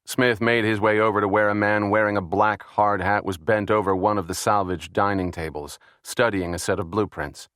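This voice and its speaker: Low-voiced male audiobook narrator. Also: normal speed, few pauses, no echo, clean studio sound. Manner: steady, even reading. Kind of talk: scripted thriller narration.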